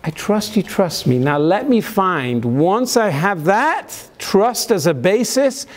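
A man, a rabbi, giving a dramatic sermon that moves between hushed pleading and loud acted-out voices. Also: high-pitched, sing-song, slow pace.

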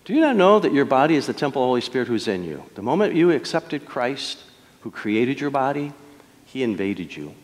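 A middle-aged man preaching a sermon as pastor, telling stories with dramatic pauses and emphatic swells. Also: mid-range voice, big pitch swings. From Detroit. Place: church sanctuary. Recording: long church hall reverb.

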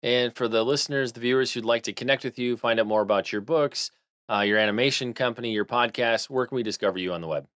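Male podcast host, quick and polished, dry close sound. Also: medium pitch, fairly bright tone, no room sound. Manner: polished, scripted host wrap-up. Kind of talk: podcast interview.

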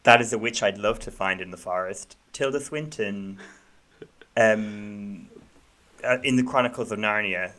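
A man co-hosting a casual podcast, jokey and quick to laugh. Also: lowish voice, a bit bright. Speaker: podcast co-host. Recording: background noise.

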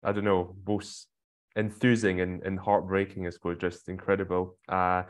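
A man's voice: deep voice, level tone, normal speed. A man introducing a poem over a video call, hesitant, with frequent restarts. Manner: hesitant, many fillers and restarts. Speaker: poet and researcher. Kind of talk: casual spoken introduction.

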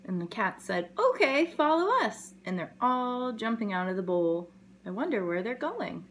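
A woman educator reading a picture book aloud to young children, telling the story gently and expressively and adding sound effects. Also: mid-range voice, expressive, normal speed, slight background noise.

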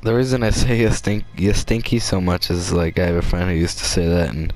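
A man's voice: low voice, fairly quick, a little mellow. A young man giving goofy, rambling, jokey commentary while he plays a game. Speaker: let's play gamer. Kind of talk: casual gameplay commentary.

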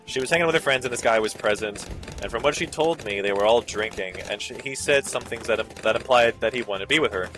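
A man casually commenting over a video game, ranting and sarcastic, swearing freely and jumping into squeaky high bits. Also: fast, fairly bright tone. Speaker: gaming video host.

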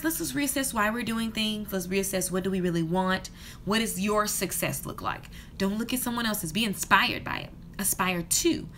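A woman's voice: a little high, bright, forceful tone, a little hiss or hum. A woman in her thirties, a hair stylist and business coach, rants passionately and casually to camera in a hotel room. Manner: passionate, fired-up ranting. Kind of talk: casual vlog rant to camera.

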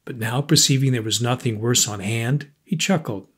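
A man reading a classic story aloud as an audiobook narrator, in a measured storytelling manner. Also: mid-range voice, husky. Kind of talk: scripted narration.

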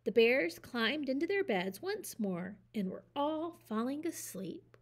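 A woman reading a children's picture book aloud with a lively, expressive delivery. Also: sits high, unhurried. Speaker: storyteller. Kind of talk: children's story read-aloud.

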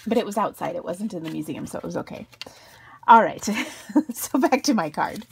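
A woman's voice: fairly low pitch, lively intonation, a little fast, vocal fry, a little hiss or hum. A middle-aged woman hosting a casual crafting tutorial from her home craft room, chatty and giggly with self-deprecating asides. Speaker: craft video host.

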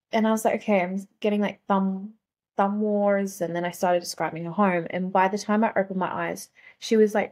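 A young adult woman, a guest on a talk show, telling stories in casual chat with lots of "like" fillers. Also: mid-range voice. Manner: chatty, heavy use of "like" fillers. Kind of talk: casual conversational storytelling.

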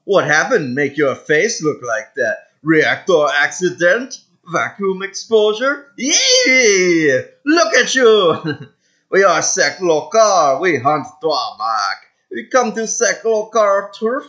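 A man's voice: high voice, sing-song, takes it slowly, a bit bright, dull audio, voice pushed up, full character voice. A man voicing a boastful male alien marauder chieftain with a put-on Mediterranean-Caribbean accent and broken-English taunts. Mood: taunting. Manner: broken-English boasts, whooping war cries.

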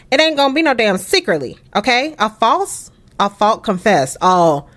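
A woman hosting a casual let's play, chatty and expressive, cursing and laughing at the game's drama. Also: a little high, moderate pace, hardly any pauses. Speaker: gaming channel host.

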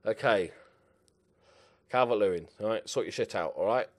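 A man's voice: on the low side, normal speed. A young man playing a football management game, muttering to himself and swearing at his players as he comments. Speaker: gaming channel host.

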